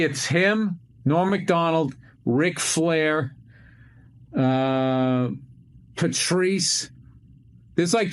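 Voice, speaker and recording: A comedian in casual chat on a video call, talking reflectively and haltingly. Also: male voice, on the high side, a bit bright. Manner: reflective, halting, lots of fillers.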